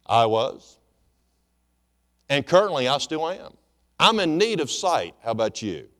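A man preaching to his congregation, emphatic and insistent, repeating his points and firing off rhetorical questions. His voice sits a little high and moves through a wide, animated range. It rings out with the long reverb of a large hall. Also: measured pace. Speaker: pastor. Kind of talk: sermon.

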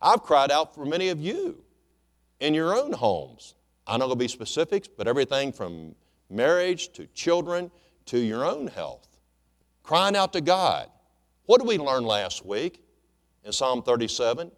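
A man's voice: medium pitch, very animated, unhurried, long reverb tail. A man preaching a sermon as pastor, emphatic, repeating phrases and asking his congregation rhetorical questions.

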